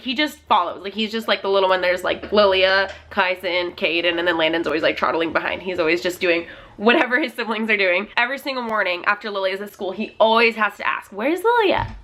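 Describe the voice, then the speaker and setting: A young woman, a mother, chatting casually to the camera at home in a chatty way, full of "like" fillers and quick laughs. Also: mid-range voice, sharp tone. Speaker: family vlogger and mother. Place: at home with a toddler nearby.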